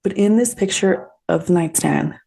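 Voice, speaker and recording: A podcast host shares a personal story candidly and earnestly, emotionally open and conversational, with many fillers and tag questions. Her voice is lowish, creaky, and dark with a breathy edge, at a normal speed.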